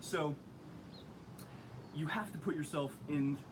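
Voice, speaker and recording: A man's voice: on the high side, slow, noisy background. A man giving casual studio commentary, explaining things earnestly and steadily, with lots of fillers.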